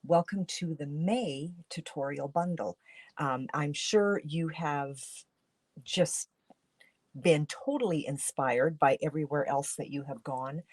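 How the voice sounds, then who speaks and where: A woman's voice: deep voice, slow, no echo. A woman from Canada, a papercraft demonstrator, talking through a casual craft tutorial in a groggy morning voice, chatty with many fillers and restarts.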